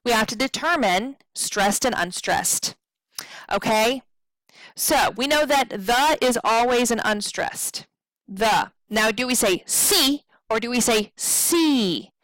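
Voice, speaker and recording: A woman's voice: fairly high pitch, fairly bright tone, no room sound, low-quality recording. A woman teaching a poetry lesson, patiently counting syllables aloud and checking in with her students.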